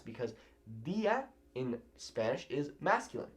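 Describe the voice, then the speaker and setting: Male online language teacher, animated and bouncy, with a mid-range pitch. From California. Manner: animated, repeats phrases slowly for learners. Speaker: Spanish teacher. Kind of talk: video language lesson.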